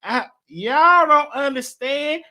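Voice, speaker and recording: A man imitating his stubborn, elderly churchgoing grandmother, drawn-out and insistent. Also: very high voice, lively intonation, bright, forceful tone, full character voice. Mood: dismissive.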